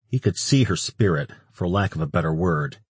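A man reading an audiobook in steady, even scripted narration, recorded close on a studio mic. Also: deep voice, normal speed, slightly rough, dry recording.

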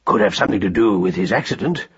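Man doing a chill plainspoken rabbit uncle, husky, lively-ish, dull recording. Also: fairly low pitch, quick pace, heavily acted. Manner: dry, plain muttering. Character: kindly plain-spoken old rabbit uncle.

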